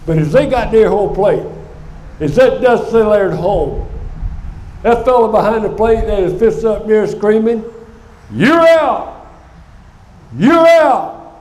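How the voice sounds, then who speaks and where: Older guy preaching, high voice but mellow, lots of church echo. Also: moderate pace. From United States. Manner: animated storytelling preacher. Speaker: guest speaker. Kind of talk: sermon. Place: church sanctuary. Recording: echoey church sanctuary.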